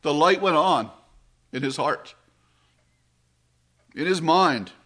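A man preaching a sermon in a slow, measured way, his voice dropping low and soft on solemn phrases. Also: animated.

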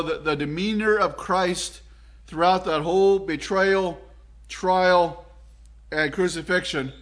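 A man's voice: on the high side, a bit bright. A Canadian man preaching a sermon in an earnest, reflective way, with frequent restarts and fillers.

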